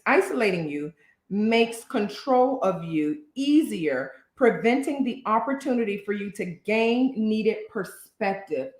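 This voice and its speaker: A woman's voice: medium pitch, echoey room. A woman working as a therapist, co-hosting a casual couple's talk with her husband. She speaks earnestly and emphatically and stumbles a little as she picks her words. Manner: stutters a little, choosing words carefully. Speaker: therapist and social worker, co-host.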